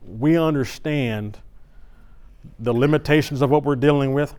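A middle-aged man preaching at a church service, telling a personal story in a conversational, animated way with frequent restarts. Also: mid-range voice, unhurried, long pauses, smooth.

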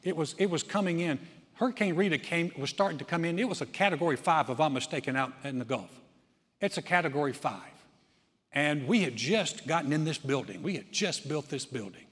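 A man preaching a sermon, telling a story with acted-out voices and swinging from loud to hushed. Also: fairly high pitch, expressive, a little fast, slightly rough. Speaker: pastor. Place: large church sanctuary. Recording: long hall reverb.

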